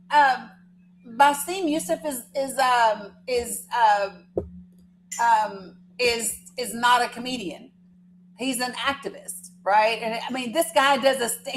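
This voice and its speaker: A woman's voice: fairly high pitch, a little hiss or hum, rough recording. A woman chatting casually on a live stream, rambling through a story and teasing her viewers.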